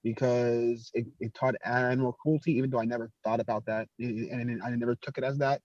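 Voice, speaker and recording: A man of middle pitch chatting on a podcast panel. He speaks haltingly and repeats words as he hunts for the next one. The recording is dull and dry. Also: steady tone, darkish tone, dry recording. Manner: halting, repeats words while searching for them. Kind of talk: casual panel chat.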